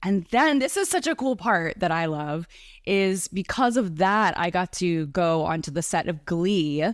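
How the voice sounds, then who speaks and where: A woman's voice: lowish voice, expressive, unhurried, dry recording, studio quality. A woman from the New York area, a breathwork and Reiki facilitator, chatting enthusiastically as a guest in a casual interview.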